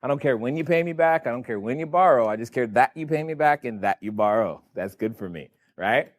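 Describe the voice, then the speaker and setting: A man's voice: mid-range voice, lively intonation, a little fast. A man running a board game for a live seminar audience, teasing them with playful questions. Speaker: real estate educator running a board game. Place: event room in front of a live audience.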